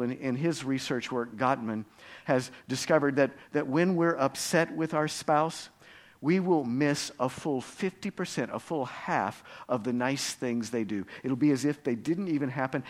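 This male pastor delivers an earnest, story-driven sermon, dropping to hushed, low passages before rising into loud, emphatic climaxes.

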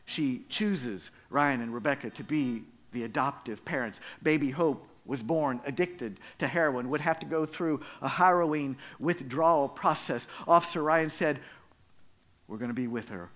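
Guy preaching a sermon, voice a bit on the high side, gets loud then drops way down quiet. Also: moderate pace, few pauses. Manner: dynamic preaching, swings between loud emphatic and quiet. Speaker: pastor.

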